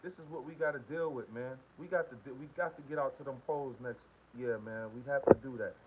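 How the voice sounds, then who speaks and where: A man's voice: mid-range voice, fairly quick, highs cut off. Guy venting on his live stream, repeats himself a lot, slangy, faint hiss behind him. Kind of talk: casual live-stream commentary, reading chat.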